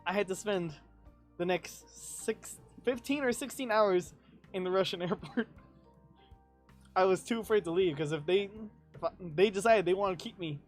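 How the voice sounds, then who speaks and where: A man's voice: high-pitched, moderate pace, faint music behind. A young man, a podcast guest, telling a travel story in casual chat, swearing freely and laughing as he talks. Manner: profane, animated, laughs through his story.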